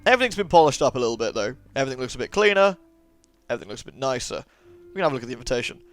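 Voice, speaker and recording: Joking let's play commentator. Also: male voice, mid-range voice, sing-song, rapid-fire, faint music behind. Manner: joking, sarcastic, chatty. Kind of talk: gameplay commentary.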